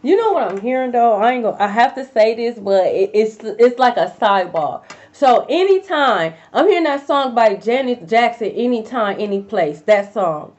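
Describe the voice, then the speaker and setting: A woman's voice: on the high side, very animated, normal speed, darkish tone. A young woman giving a casual tarot reading to her viewers, blunt and profane, full of slang. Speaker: tarot reader. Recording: dull lo-fi recording.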